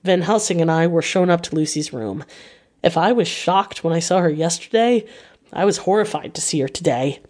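A woman reading a classic novel aloud as an audiobook reader, in a steady, measured voice. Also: lowish voice.

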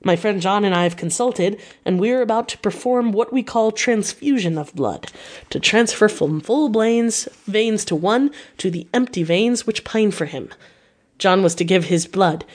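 A woman reading the lines of a grave, kindly old male professor, speaking slowly and formally in a storybook reading. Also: medium pitch, lively intonation, a little mellow.

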